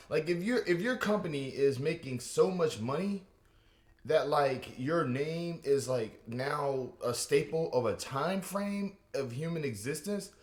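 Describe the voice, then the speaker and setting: Animated rambling man in echoey room. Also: on the high side. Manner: rambling and animated, many restarts and asides. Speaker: comedian. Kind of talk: stand-up comedy rant.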